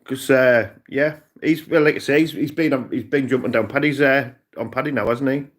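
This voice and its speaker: A man's voice: medium pitch, a little fast. A man with a Cumbrian accent chatting casually and rambling on a live stream, often calling people "mate". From Cumbria, England. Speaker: livestreamer.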